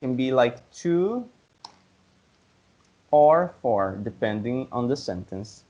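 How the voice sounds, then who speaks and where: A man's voice: mid-range voice, lively intonation, mellow. Patient man tutoring over video call. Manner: patient, explains slowly with examples. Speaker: Spanish tutor. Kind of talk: online language lesson. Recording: slightly dull video call audio.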